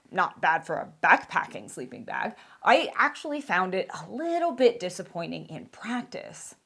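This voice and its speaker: Woman, outdoor gear reviewer, scripted narration, animated pitch, emphatic, wry.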